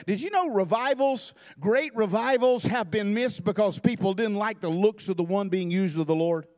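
A man preaches a fervent church sermon in a notably high voice. He drives his points with repeated phrases and stammering restarts. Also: normal speed, few pauses, darkish tone. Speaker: guest preacher. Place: church sanctuary.

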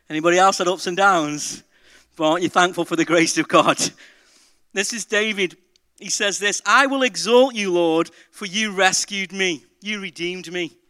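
A man preaching a sermon as pastor, moving between quiet reflection and loud, joyful exhortation to the congregation. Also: high voice, smooth, no room sound, studio quality.

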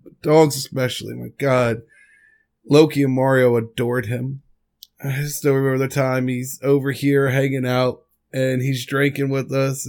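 A podcast host speaks in a gravelly voice of middling pitch, halting and restarting as he talks. He sounds choked up and is struggling to hold back tears. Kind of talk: emotional spoken tribute.

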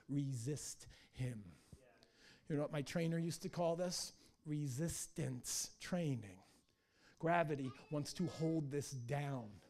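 Middle-aged male pastor, high voice, energetic, jokey sermon delivery. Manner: energetic, joking and animated storytelling.

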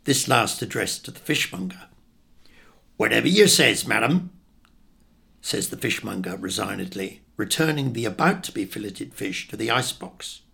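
A man's voice: fairly low pitch, normal speed, vocal fry, few pauses, pushed and bright, slightly rough. An older man from England reading his childhood memoir in a wry, reflective way. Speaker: narrator.

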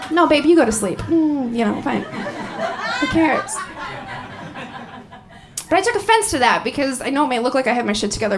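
Stand-up comic, woman in her 30s, high bright voice swinging all over, swears a lot and laughs at her own jokes. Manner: profane, animated, laughing through punchlines. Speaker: stand-up comedian. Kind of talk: stand-up comedy set. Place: comedy venue with a live audience.

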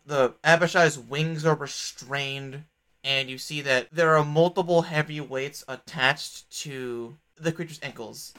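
A man narrating as game master of a tabletop game, animated and joking. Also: fairly high pitch, clear, resonant tone.

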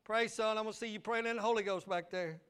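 A man's voice: high-pitched, steady tone, quick pace, a bit bright, smooth. A male pastor, preaching a fiery sermon with call and response.

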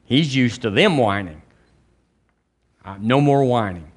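A man with a Southern American accent preaching as a pastor in a church. His voice sits at a middle pitch, and he delivers the sermon and prayer emphatically, jumping into loud, high rises for stress. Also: very animated, measured pace, long pauses. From Alabama, US. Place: church sanctuary.

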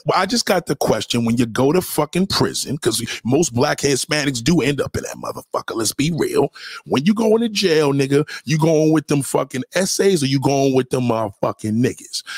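A man giving heated, profane reaction commentary on a clip, mocking and now and then breaking into sudden loud outbursts. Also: medium pitch, vocal fry, husky, no echo.

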